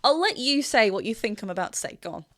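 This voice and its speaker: A woman's voice: fairly high pitch, sing-song, fast talker, a bit bright, dry recording, clean studio sound. A woman vocal coach giving an enthusiastic analysis in a reaction video, often laughing and breaking into short sung demonstrations. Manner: laughs often while explaining.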